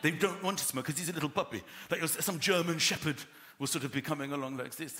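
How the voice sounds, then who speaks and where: A man performing a stand-up comedy set, animated and playful, at a live comedy venue. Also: fairly high pitch, quick pace, few pauses, background noise. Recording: echoey venue with loud crowd laughter.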